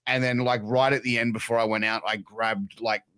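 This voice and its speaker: An Australian man in his thirties, talking casually on a video call. He tells a crude, self-mocking story full of stammered restarts, in a mid-pitched voice with a dry, close sound. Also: flat delivery, brisk, sharp tone, clear, resonant tone, no room sound. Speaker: podcast guest. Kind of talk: casual chat. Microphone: remote video call.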